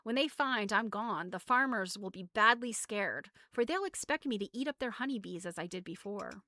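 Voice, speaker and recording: Big boastful storybook beast as a lady reads him, proud and earnest, bright voice, dry close sound. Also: mid-range voice, lively intonation, normal speed, no echo. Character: boastful but gentle male beast, big, flat-footed.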